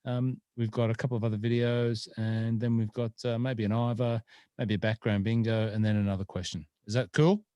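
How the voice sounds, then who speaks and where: Aussie guy hosting a podcast, kinda low voice, dry mic, rambles with lots of ums. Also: flat delivery, brisk, warm tone, clear, resonant tone, no room sound. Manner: chatty, rambling, lots of fillers. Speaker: podcast host. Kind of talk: casual chat.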